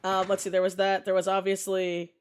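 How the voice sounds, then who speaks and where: A woman's voice: mid-range voice, completely flat delivery, brisk, clean tone. A woman streamer chatting casually, acting out her own reactions as she tells stories, swearing freely and laughing often. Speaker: streamer host. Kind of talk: casual chat over a voice call.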